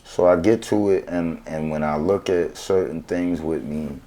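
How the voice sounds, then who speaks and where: A man's voice: low voice, measured pace, mellow. A man tells his story as a guest in a casual interview. He talks in laid-back street slang and keeps checking in with "right?". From New York.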